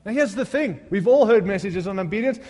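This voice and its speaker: A middle-aged man preaches a sermon to his congregation, his voice pitched high. He tells self-mocking, funny stories and then swells into fervent appeals. His voice carries a long reverb, as if filling a large church hall. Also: lively intonation, a little fast, darkish tone. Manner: humorous, self-deprecating storytelling that builds to fervent appeals. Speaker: pastor.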